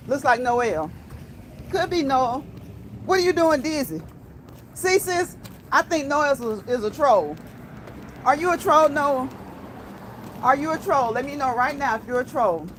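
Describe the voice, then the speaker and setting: A woman, hosting a casual livestream chat while walking outdoors, playful and chatty, often laughing and talking straight to her chat. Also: high voice. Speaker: livestream host. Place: outdoors on a city street. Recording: outdoor street noise with traffic.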